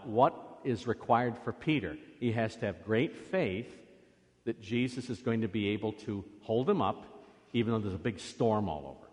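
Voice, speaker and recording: A priest giving a children's sermon in a church, coaxing the children along with lively questions. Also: male voice, on the low side. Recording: long reverb of a church.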